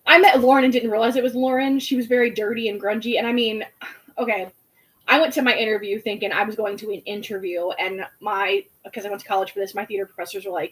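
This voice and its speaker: A young woman in her twenties, chatting casually and telling an animated story with lots of fillers. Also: mid-range voice, fast, low-quality recording. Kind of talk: casual chat.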